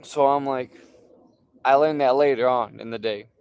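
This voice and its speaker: Smooth-voiced young man telling stories. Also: mid-range voice, normal speed, no echo. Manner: animated, swearing, lots of fillers. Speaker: streamer. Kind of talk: casual storytelling.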